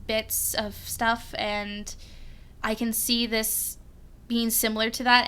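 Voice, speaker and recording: A young woman reacting to a series as a fan, rambling excitedly with lots of giggles and restarts. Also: on the high side, smooth. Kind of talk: casual rambling reaction vlog.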